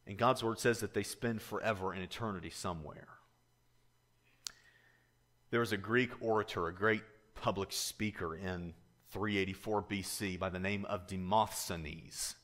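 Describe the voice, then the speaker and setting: Casting: male pastor mid-sermon, earnest storyteller, bright and forceful. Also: medium pitch, in a large hall. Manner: earnest storytelling, growing emphatic, repeats words.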